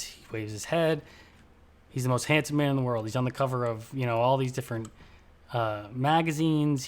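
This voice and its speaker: A man streaming live, telling a long shaggy-dog joke in a loose, profane way, full of fillers and restarts. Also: medium pitch. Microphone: streaming mic.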